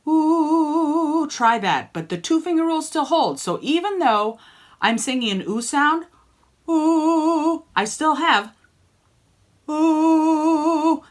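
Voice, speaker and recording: A woman's voice: high-pitched, big pitch swings, normal speed, fairly bright tone. A woman singing teacher coaching students by name in an online group lesson, encouraging them and demonstrating sung vowels.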